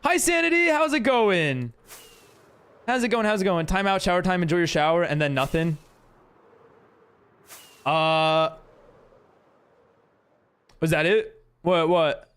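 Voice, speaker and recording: Lively high-voiced male streamer. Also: a little slow, pauses often, smooth. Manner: animated, rambling, reads chat aloud with many fillers. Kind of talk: casual live-stream chat with viewers.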